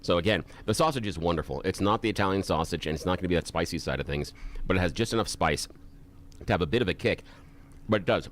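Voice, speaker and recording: A man's voice: low voice, quick pace, a little hiss or hum. A male radio co-host chatting casually and gushing with enthusiasm over the food. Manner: effusive, enthusiastic food praise.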